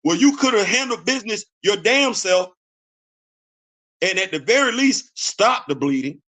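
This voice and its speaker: A man's voice: high-pitched, lively intonation, moderate pace, sharp tone. A middle-aged American man hosting a show, delivering a heated, blunt political rant. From United States. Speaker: host.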